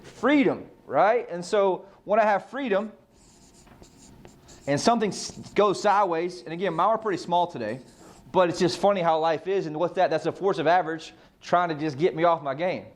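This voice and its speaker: Male real estate coach, a bit high in pitch, casual motivational speaker who peppers the room with rhetorical questions and swears. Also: moderate pace. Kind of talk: motivational team meeting talk.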